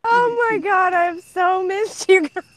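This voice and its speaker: Giggly high-voiced woman in a backyard. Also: slow, heavy background noise. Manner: giggly and effusive. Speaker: guest. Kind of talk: casual group video chat. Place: outdoors in a backyard.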